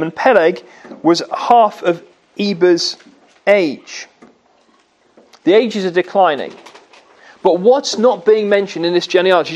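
Man, high voice, preaching a sermon, asks questions to listeners. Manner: teaching, asks the congregation questions.

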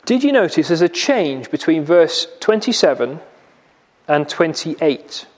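A man's voice: on the high side, very animated, a little slow, long reverb tail. A man preaching a sermon in a church, explaining a passage with rhetorical questions and vivid retelling.

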